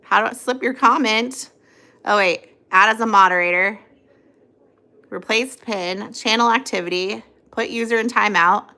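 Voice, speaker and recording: A woman's voice: mid-range voice, moderate pace, bright, forceful tone. A young adult woman hosting a casual phone livestream, rambling, reading out viewer comments and cooing at her dog. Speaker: livestream host.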